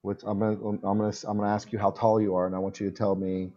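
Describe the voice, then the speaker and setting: A man in his forties teaching English in a relaxed one-on-one video call, repeating words patiently so the student can copy them. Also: lowish voice, rapid-fire, muffled recording. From United States. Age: 40s. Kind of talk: casual one-on-one lesson.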